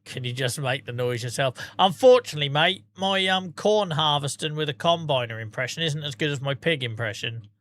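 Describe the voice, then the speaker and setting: Bright-voiced streamer, swearing and rambling. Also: male voice, fairly high pitch, fairly quick, few pauses. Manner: rambling, swears freely, self-mocking, laughs often. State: tired. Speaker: game streamer. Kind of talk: casual live-stream chat.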